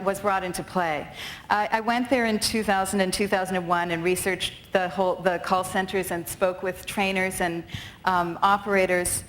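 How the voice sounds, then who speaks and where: A woman theater director gives a conference talk from the stage. She speaks articulately, dropping in the occasional filler, at a mid pitch, and there is faint noise in the background. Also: fairly bright tone, poor audio.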